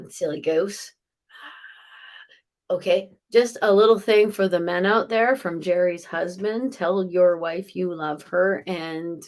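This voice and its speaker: A middle-aged woman, a psychic medium, chatting through a live reading for viewers and passing on messages with quick asides. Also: fairly low pitch, darkish tone.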